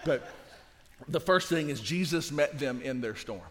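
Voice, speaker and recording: A man preaching a sermon as a guest pastor, swinging from soft passages to shouting. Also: on the high side, lively intonation, measured pace. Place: church sanctuary. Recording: reverberant church hall.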